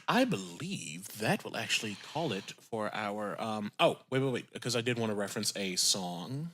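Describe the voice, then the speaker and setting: Blunt, bright-voiced male podcast co-host. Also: lowish voice, big pitch swings, moderate pace, a little hiss or hum. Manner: blunt, profane, joking asides. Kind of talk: casual chat.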